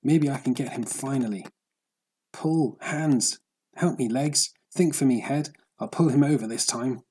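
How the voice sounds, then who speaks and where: A man's voice: on the low side, brisk, darkish tone, slightly rough. A man voicing a weary, stubborn old fisherman who mutters to himself as he strains. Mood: straining. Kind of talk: audiobook character voice.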